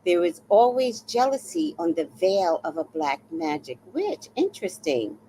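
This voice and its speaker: On a rough recording with a little hiss or hum, a woman in her sixties talks at normal speed in a fairly low-pitched voice. She's hosting a live stream, chatting loosely and spinning stories with laughter and the odd curse.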